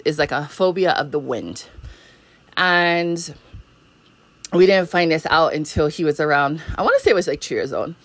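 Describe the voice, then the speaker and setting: Low-voiced Hawaiian Pidgin-tinged woman rambling. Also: no echo. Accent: Hawaiian Pidgin-tinged English. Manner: rambling, profane, laughs often. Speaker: podcast host. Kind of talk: casual storytelling monologue.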